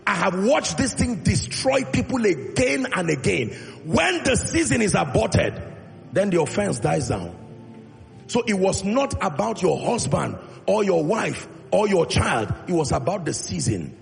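A man's voice: high-pitched, big pitch swings, a little slow, vocal fry. A male pastor preaching a sermon with emphatic delivery, acting out Bible dialogue in his own voice. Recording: long reverb in a large hall, faint music.

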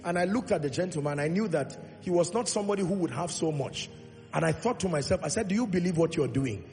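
A pastor preaches with a slightly high, gravelly voice, leading the congregation in call-and-response. He stretches key phrases out slowly and climbs to loud, emphatic peaks. His voice rings through a large church hall with a long echo and faint music underneath. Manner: drawn-out, slow emphatic delivery on key points. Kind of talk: sermon.

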